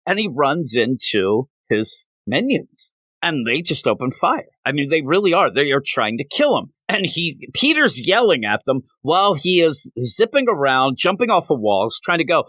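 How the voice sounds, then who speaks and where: A man's voice: fairly high pitch, big pitch swings, normal speed, fairly bright tone, dry recording. A man hosting a casual comic book review, retelling the plot animatedly and laughing often.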